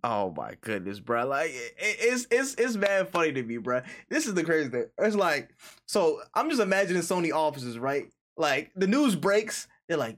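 A man co-hosting a casual gaming podcast, animated and profane, acting out imagined quotes. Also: a little high, moderate pace. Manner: animated, acts out quotes, swears freely. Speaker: podcast co-host.

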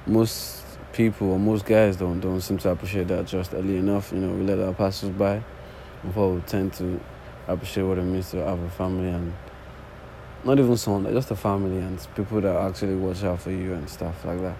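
A young man in his early twenties with an accent talks off the top of his head in a low, warm, relaxed voice. He rambles, restarts his sentences and swears casually. A faint background noise sits under the recording. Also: a little fast, rough recording. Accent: non-native English accent. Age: early 20s. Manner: rambling, casual, swears often, repeats false starts. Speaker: podcast host. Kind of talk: unscripted solo monologue. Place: sitting on the floor indoors.

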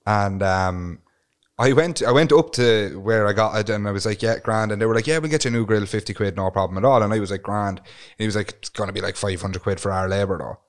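A young Irish man telling a story in casual podcast chat, swearing freely and animated. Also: fairly low pitch, quick pace. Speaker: podcast co-host.

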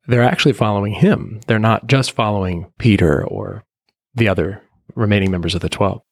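A man's voice: on the low side, a little fast, dry recording, clean studio sound. A man interviewing in a conversation, summarizing and building on what his guest has said.

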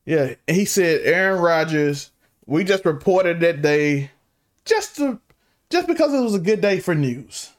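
Podcast cohost chatting sports, very animated voice, blunt and chatty. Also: medium pitch, measured pace. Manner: animated, asks blunt questions. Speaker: podcast co-host. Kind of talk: casual sports chat.

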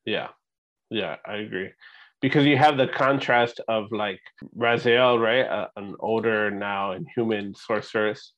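A man with a lowish voice co-hosts a relaxed movie rewatch show. He recaps the plot scene by scene and keeps asking "right?" along the way. The audio sounds somewhat dull and lo-fi. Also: a little slow. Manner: recaps scenes step by step, often checking in with "right?". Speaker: podcast co-host. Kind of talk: casual movie rewatch chat.

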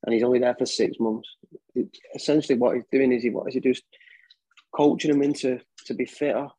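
A man on a casual podcast panel, talking haltingly with false starts. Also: mid-range voice, steady tone, dark tone, slightly rough, no room sound, rough recording. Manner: hesitant, halting. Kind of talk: casual chat.

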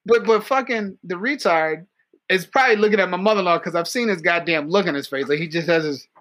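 A man's voice: high voice, quick pace, fairly bright tone. A man co-hosting a casual podcast, telling profane stories and laughing often. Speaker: podcast co-host. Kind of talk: casual crude podcast banter.

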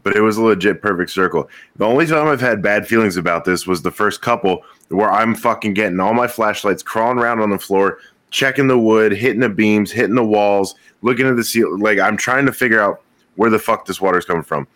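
Bright, low-voiced man telling it bluntly. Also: fairly quick. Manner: blunt, swears, tells events step by step. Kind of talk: casual chat.

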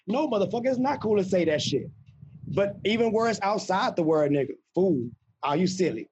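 A man's voice: high voice, lively intonation, a little fast, darkish tone, a little hiss or hum. Man, podcast host, emphatic, profane, casual chat, dull muffled sound. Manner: emphatic, profane, argues his point. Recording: muffled lo-fi recording.

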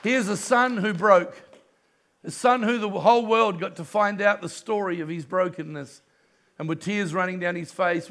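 A middle-aged man, preaching a sermon in church and telling a story with passion, dropping to a hush and then rising loud. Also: a little high, creaky. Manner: impassioned storytelling preacher, swings from hushed to loud. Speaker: pastor.

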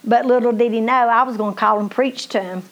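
A woman's voice: fairly high pitch, fairly even intonation, fairly quick, highs cut off. A middle-aged woman minister, preaching a folksy testimony sermon, emphatic and speaking straight to her listeners.

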